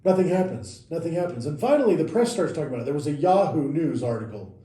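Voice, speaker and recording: Very animated and quick, this podcast co-host has a slightly high voice with a dark tone. In an echoey, roomy space, he casually lays out events step by step and corrects himself along the way.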